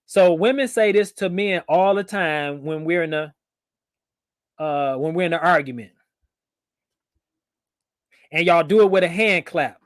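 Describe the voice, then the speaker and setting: In a casual livestream chat, a male host with a fairly high voice speaks unhurriedly, leaving long pauses. He's playful, laughs a lot, and reads out viewer comments, recorded with studio quality and no echo.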